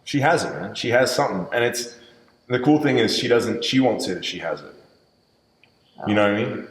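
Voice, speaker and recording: A man talking as a podcast guest, animated, repeating himself and restarting sentences. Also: medium pitch, fairly quick, a little hiss or hum. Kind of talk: casual chat. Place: gym. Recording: roomy reverberant hall.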